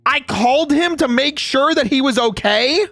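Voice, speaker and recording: A man's voice: very high voice, moderate pace, bright, forceful tone, no room sound, studio quality, faint music behind. A man chatting casually on a livestream, ranting with lots of swearing and frequent laughter. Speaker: streamer.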